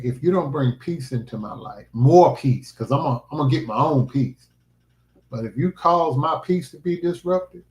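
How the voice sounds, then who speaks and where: Man, earnest vlogger, emphatic and preachy, mid-pitched, roomy echo. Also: a little mellow, lo-fi sound. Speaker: livestreaming vlogger. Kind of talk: casual heartfelt livestream talk.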